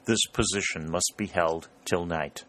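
A man voicing a calm, taciturn older male general who speaks in terse, firm orders. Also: low voice, unhurried.

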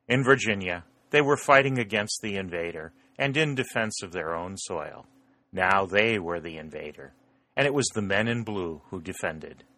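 A man reading a historical novel aloud as an audiobook narrator, in a measured storytelling delivery. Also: low voice, lively intonation, bright, forceful tone, no echo.

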